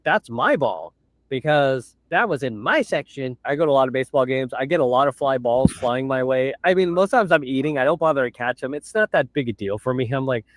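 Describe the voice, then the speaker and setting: A man hosting a casual livestream, telling stories bluntly and mimicking others in high, shrill voices. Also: brisk, dry recording, clean studio sound. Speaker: livestream host. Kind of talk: casual chat.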